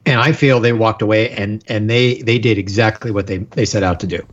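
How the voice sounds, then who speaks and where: A man's voice: fairly low pitch, fairly even intonation, fairly quick. Emphatic male co-host, lo-fi sound. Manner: emphatic, rambling. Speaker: podcast co-host. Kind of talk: casual podcast chat.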